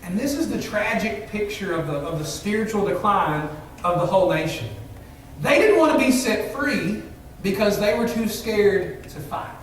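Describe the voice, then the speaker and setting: Male pastor, emphatic sermon delivery, very high voice, roomy church sound with faint background noise. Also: animated, normal speed, far from the mic. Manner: earnest, emphatic preaching with rhetorical questions. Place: church sanctuary. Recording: echoey church hall, mic from afar.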